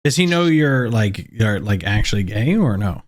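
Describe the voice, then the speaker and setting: A man's voice: fairly low pitch, very animated, normal speed. A man in his thirties hosting a podcast, rambling in casual chat with lots of fillers. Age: 30s. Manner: rambling, many fillers like "like" and "you know". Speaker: podcast host.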